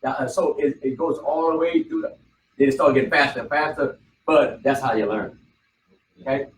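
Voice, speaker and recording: A man's voice: mid-range voice, moderate pace. A man teaching a Bible study class, repeating himself and quizzing the class with questions. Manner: repetitive, prompting the class with questions. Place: study hall room. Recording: echoey room, mic far off, faint ambience.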